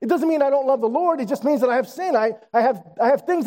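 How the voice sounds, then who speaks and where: A man's voice: very high-pitched, fast, hardly any pauses, darkish tone. A man in his sixties preaching a sermon, telling a story and repeating phrases for emphasis. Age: 60s. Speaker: pastor.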